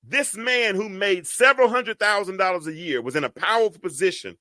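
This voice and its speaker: A man's voice: high-pitched, brisk, sharp tone, no echo, studio quality. A man hosting a show, teaching from the Bible in a preaching style, colloquial and building into emphatic, repeated lines. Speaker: host.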